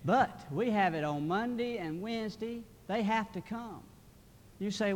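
A man's voice: sits high, big pitch swings, moderate pace, in a large hall, a little hiss or hum. A man, a college president giving a sermon, earnest and building to fervent emphasis. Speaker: college president, guest preacher.

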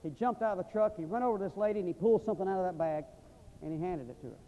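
High-voiced preacher in a reverberant hall. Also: male voice, racing, muffled recording. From United States. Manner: emphatic, swings from loud to hushed. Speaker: visiting missionary preacher. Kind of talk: sermon with storytelling and prayer. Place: seminary chapel. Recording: long reverb of a large hall.

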